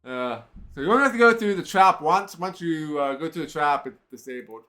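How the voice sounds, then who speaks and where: A man's voice: fairly high pitch, lively intonation, brisk, bright, forceful tone, soft background music. A man streaming an old computer role-playing game, thinking aloud casually with lots of filler words. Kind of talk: let's play commentary.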